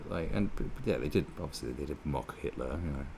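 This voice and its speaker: A political commentator delivers a ranting monologue that's sweary, sarcastic, and rambling, with many restarts. His rumbling low voice is expressive, creaky, and warm, moving at a quick pace over a little hiss or hum.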